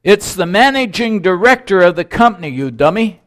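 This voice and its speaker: A man voicing a short-tempered managing director who scolds loudly in a told joke. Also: high-pitched, lively intonation, moderate pace, pitched above the performer's own voice. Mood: indignant. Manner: scolding, shouting.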